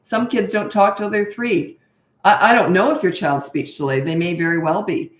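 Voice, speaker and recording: A middle-aged woman talks parents through their questions in a frank, chatty way, often trailing off and starting over. Her voice sits on the low side and jumps up sharply when something exasperates her. The room around her is echoey. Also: normal speed. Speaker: parenting coach answering viewer questions. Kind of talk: casual Q&A advice talk.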